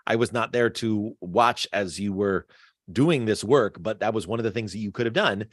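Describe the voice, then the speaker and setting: A man's voice: lowish voice, normal speed, no echo. Chatty male teacher, dry close mic. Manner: chatty, animated, full of fillers and asides. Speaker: history teacher. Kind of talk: casual online quiz review.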